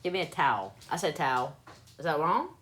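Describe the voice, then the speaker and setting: A woman's voice: low voice, lively intonation, brisk, fairly bright tone. A woman from South Carolina with a Southern accent, casually chatting with her live audience and playfully testing how she says words. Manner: laid-back, playful, repeats words to test her pronunciation. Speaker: livestream host.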